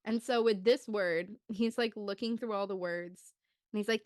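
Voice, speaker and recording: A young woman in her twenties co-hosting a podcast. She tells a story in a loose, chatty way, full of "like"s, and acts out the children's voices with big jumps in pitch. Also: steady tone, normal speed, no room sound, studio quality. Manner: loose, chatty telling with many "like"s. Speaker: podcast co-host. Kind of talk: casual storytelling chat.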